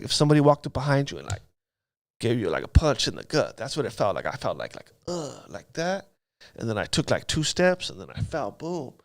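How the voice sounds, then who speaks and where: Man, gravelly voice, lively pitch, street slang, storytelling testimony, dry studio sound. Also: no room sound. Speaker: guest telling his life story. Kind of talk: casual testimony interview.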